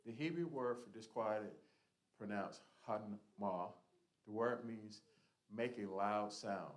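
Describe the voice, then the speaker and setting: A man's voice: on the low side, takes it slowly, rough recording. A man leading a church Bible study, teaching in an earnest, emphatic, conversational way.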